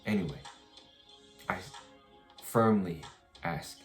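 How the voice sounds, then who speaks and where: A young man with a deep, low voice vents casually to his camera. He circles back and restarts his sentences, swearing as he retells the story. Faint music plays underneath. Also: takes it slowly. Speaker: vlogger.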